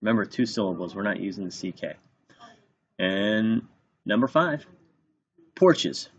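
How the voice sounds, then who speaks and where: Slow, patient male teacher dictating spelling. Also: lowish voice, animated, slightly rough. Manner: sounds out words slowly and repeats them. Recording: dull lo-fi recording.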